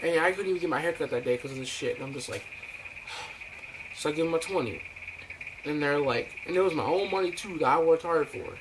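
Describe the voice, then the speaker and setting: This one is quick-paced and a little high-pitched: a young vlogger ranting a winding, profane tale full of filler words and acted-out dialogue. It was captured in a noisy home setting.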